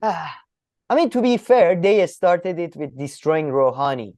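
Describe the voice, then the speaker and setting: Animated, swearing man on a chat podcast. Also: a little slow, dry recording, clean studio sound. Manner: animated, swears, laughs often, pitch jumps. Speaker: podcast co-host. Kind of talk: casual political chat.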